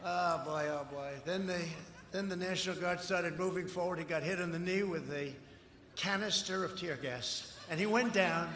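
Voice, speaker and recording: A man from the United States delivers a boastful campaign rally speech, repeating himself and breaking into shouts. His voice sits high and sounds bright and forceful. It booms through a podium microphone and loudspeakers into a wide, echoing outdoor space with a long tail of reverb and faint crowd ambience behind. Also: normal speed, a little hiss or hum. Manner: boastful, repetitive, bursts into shouting. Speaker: political speaker at a rally.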